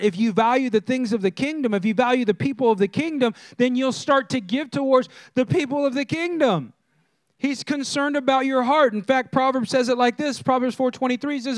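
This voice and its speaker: A pastor preaching in a strikingly high male voice, talking casually and animatedly to his congregation. He repeats his key lines and keeps asking the crowd questions. The recording is dry and close, with no room echo. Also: moderate pace, fairly bright tone. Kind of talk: sermon.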